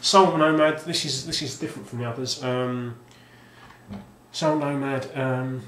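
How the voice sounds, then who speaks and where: A man's voice: mid-range voice, fairly even intonation, measured pace, noisy background. A man casually showing off his game collection, rambling and hesitant with lots of ums and restarts. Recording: roomy sound with faint ambience.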